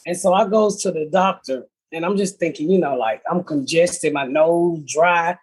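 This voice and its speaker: A woman's voice: on the low side, moderate pace, few pauses, a little mellow, slightly rough. A middle-aged woman hosting a podcast, telling blunt, profane comedic stories in casual chat.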